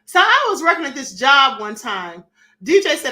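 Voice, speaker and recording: A middle-aged woman hosts a casual live stream, sassy and animated, acting out little dialogues and reading comments from the chat. Her voice sits high and moves at a normal speed.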